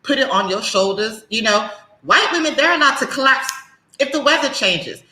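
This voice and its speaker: Sassy London woman host, bright lively delivery, roomy echo. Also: on the high side, moderate pace. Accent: London English. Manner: sassy, emphatic and animated. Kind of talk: opinionated talk-show monologue.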